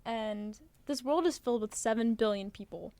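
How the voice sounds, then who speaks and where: A woman's voice: a little high, normal speed, a little mellow, dry recording. A teenage girl from New Jersey co-hosting a podcast, chatting earnestly with lots of "like" fillers. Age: teens. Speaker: podcast co-host. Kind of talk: casual chat.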